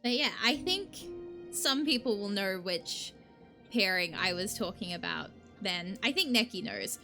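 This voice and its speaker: A woman streamer chatting casually while playing a game, animated and rambling, laughing often. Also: medium pitch, a little slow, soft background music.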